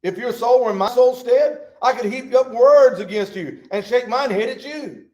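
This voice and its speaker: Animated high-voiced preacher man. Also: normal speed. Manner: animated, rises to shouts and drops low. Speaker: pastor. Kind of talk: Bible study teaching.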